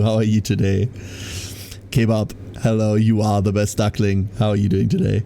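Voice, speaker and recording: A man from Germany, a streamer chatting casually with his live audience, animated and giggly as he greets viewers by name. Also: mid-range voice.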